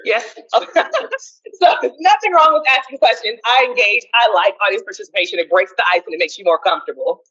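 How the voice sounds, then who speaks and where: A woman giving a college seminar talk on communication, loud and energetic. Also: medium pitch, fairly quick, slightly rough, muffled recording. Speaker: seminar presenter.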